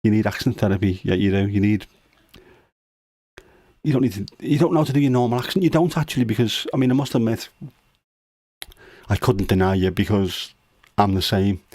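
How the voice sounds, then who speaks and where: A man's voice: lowish voice, lively intonation, fairly quick, long pauses, darkish tone, no room sound. A middle-aged man hosting a casual livestream chat, teasing his daughter with jokey dad humor. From United Kingdom. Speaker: livestream host.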